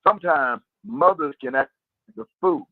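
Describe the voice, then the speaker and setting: A man's voice: a little high, lively intonation, a little slow, no room sound. A male caller on a radio call-in show, giving his opinion in an emphatic way. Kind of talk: casual call-in radio chat. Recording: phone line.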